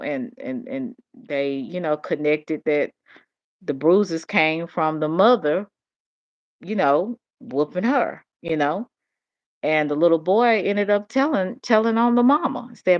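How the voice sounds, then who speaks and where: A woman's voice: deep voice, slow pace. Older woman rambling in a dull recording. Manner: rambling, animated storytelling with vernacular speech. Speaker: vlogger. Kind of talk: casual monologue. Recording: dull lo-fi audio.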